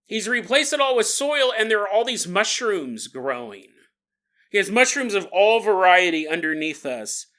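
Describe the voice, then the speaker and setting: Bright-voiced, jokey male podcast host. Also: high voice, very animated, moderate pace. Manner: playful, jokey, laughs while telling. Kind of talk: comedic paranormal podcast storytelling.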